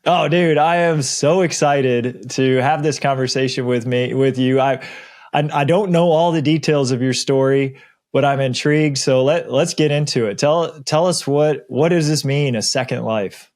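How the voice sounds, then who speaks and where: Excited podcast host, a man. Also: mid-range voice, moderate pace. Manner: excited, enthusiastic, stumbling over words. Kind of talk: casual interview.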